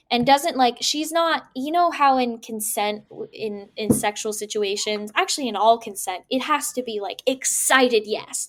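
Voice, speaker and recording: A woman's voice: on the high side, measured pace. A woman co-hosting a casual podcast, retelling a book's plot with lots of "like" and acted-out quotes. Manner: animated storytelling, acting out quotes, many "like"s. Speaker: podcast co-host. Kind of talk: casual book-club chat.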